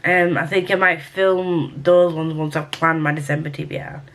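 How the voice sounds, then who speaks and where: A woman's voice: low-pitched, fairly even intonation, normal speed, fairly bright tone. A young woman chatting casually to camera at home about books, rambling and self-mocking, with casual swearing. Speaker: book vlogger. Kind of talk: casual vlog chat to camera.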